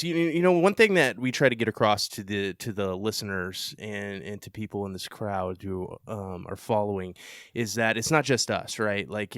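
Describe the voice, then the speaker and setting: Friendly low-voiced male podcast host. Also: fairly bright tone, no room sound, studio quality. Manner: friendly, laughs easily. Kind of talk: casual interview chat.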